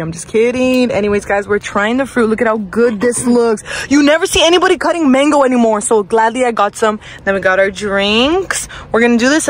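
Playful young woman vlogging, noisy phone audio. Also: fairly high pitch. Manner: playful, jokey, exaggerated. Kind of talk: casual vlog chat.

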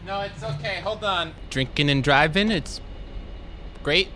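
Man gamer, high and bouncy voice, goofy play-by-play, game music under. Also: expressive, a little slow, crowd noise. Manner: goofy, narrates his own driving. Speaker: gamer driving the bus. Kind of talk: let's-play commentary.

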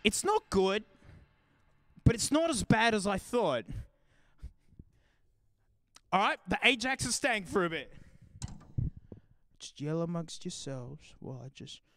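A man's voice: high-pitched, big pitch swings, takes it slowly, pauses often, a bit bright, a little hiss or hum. An Australian man hosting a live stream in a casual, joking and rambling way, laughing often and drifting away from the mic as he moves around. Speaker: livestream host.

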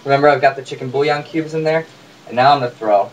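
A man vlogging from his kitchen talks fast in a mid-range voice as he casually demonstrates a recipe, joking and chatting with viewers. The mic is distant, with faint room noise in the background.

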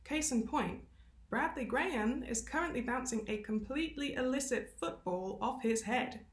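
A woman's voice: a little high, normal speed. Woman reading a novel aloud, expressively. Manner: expressive, with self-aware asides. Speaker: reader. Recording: roomy echo.

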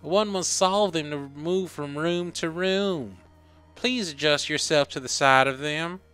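A man voicing a gentle, motherly old goat-woman caretaker in a put-on Southern US accent. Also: on the high side, measured pace, clean tone, faint music behind, pitched above the performer's own voice. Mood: welcoming. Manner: gentle, motherly, calls you sugar.

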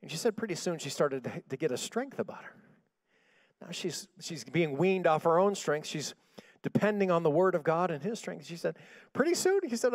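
A pastor preaching a sermon, telling a story in a hushed voice and rising to shouted declarations. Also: male voice, on the high side, lively intonation, fairly quick, dry recording.

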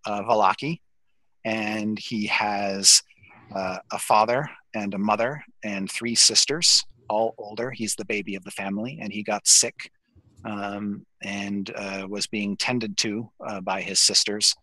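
A man narrating a tabletop game as dungeon master, halting with many fillers. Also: fairly low pitch, fairly even intonation, bright, forceful tone, dry recording, low-quality recording.

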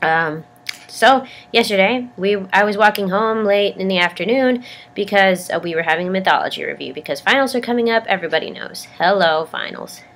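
A woman's voice: medium pitch, animated, brisk, a bit bright. A young woman vlogging casually with a sick, congested voice, rambling and stammering, poking fun at herself. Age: young adult. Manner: rambling, self-deprecating, stammers. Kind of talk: casual vlog chat.

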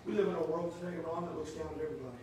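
A man preaching a sermon in a church, rising to shouts and dropping low. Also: very fast, noisy background. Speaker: pastor. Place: church sanctuary. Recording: echoey church room from far off.

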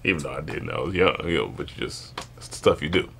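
A man telling a comedic childhood story in casual chat, animated and laughing often, acting out voices. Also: very deep voice, fast, creaky, husky. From born in Germany, grew up partly in Panama.

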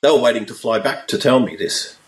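A man in his forties, a guest musician telling stories in a casual interview, animated and acting out the people in his anecdotes. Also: mid-range voice, brisk. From Australia. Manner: animated storyteller, acts out voices in his anecdotes. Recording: roomy echo, a little far from the mic.

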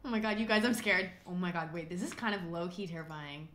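A woman host giving casual gameplay commentary, excitable and quick to shriek and yell when scared. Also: lowish voice, a little hiss or hum. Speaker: gaming video host. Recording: echoey room.

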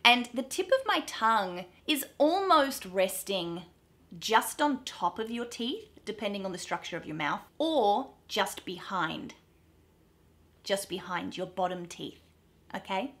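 A young Australian woman teaching pronunciation, drawing out vowel sounds slowly and clearly as she demonstrates them. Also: medium pitch, very animated, fairly bright tone. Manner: slow, drawn-out demonstration of sounds. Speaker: accent coach. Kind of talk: pronunciation lesson to camera.

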